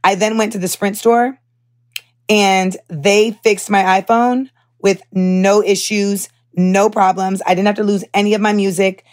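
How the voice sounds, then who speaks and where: Young woman podcasting, chatty and candid, lots of likes and swearing, mid-pitched. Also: measured pace. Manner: candid, animated storytelling with profanity and many fillers. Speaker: podcast host. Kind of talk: casual chat.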